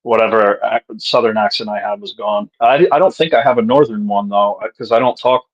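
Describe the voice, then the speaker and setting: A man's voice: lowish voice, steady tone, brisk. A man from Rhode Island in a casual call-in chat who jokes around and laughs easily. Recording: dull lo-fi call audio.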